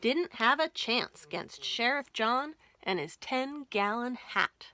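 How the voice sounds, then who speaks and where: A woman librarian reading a Western picture book aloud at storytime, with expressive, folksy storytelling. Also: on the high side, slow pace. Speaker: children's librarian.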